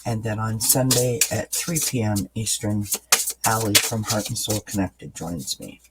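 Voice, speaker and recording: A man doing a tarot card reading for his channel, explaining each card in a calm, unhurried way with pauses and fillers. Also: lowish voice, heavy background noise. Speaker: tarot reader.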